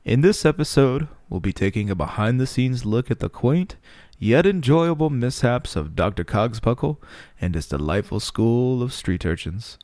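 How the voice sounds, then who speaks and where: A man's voice: medium pitch, big pitch swings, moderate pace, hardly any pauses, a little mellow, dry recording, clean studio sound, close to an everyday voice. A man voicing a pompous male documentary host who opens the show in a formal, announcer-like way. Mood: grand.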